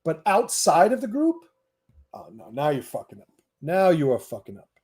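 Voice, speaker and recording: A man's voice: on the high side, wildly swooping pitch, moderate pace, a little mellow. A middle-aged man hosting a livestream Q&A, talking bluntly and emphatically, often swearing and restarting his sentences. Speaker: host. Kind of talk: livestream Q&A monologue.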